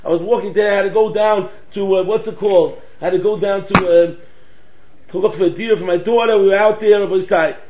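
High-voiced guy giving a torah talk, american with yiddish words, acts out the stories, echoey room, kinda muffled lo-fi audio. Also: quick pace, noisy background. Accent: American English with Yiddish and Hebrew words. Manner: animated storytelling, acts out quoted voices. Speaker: Torah lecturer. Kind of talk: Torah lecture. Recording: echoey room, dull lo-fi sound.

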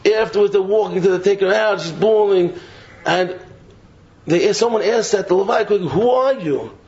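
A man giving a Torah sermon in a sing-song preaching cadence, dropping to a low, soft refrain again and again. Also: moderate pace. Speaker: rabbi giving a Torah talk. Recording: dull lo-fi recording.

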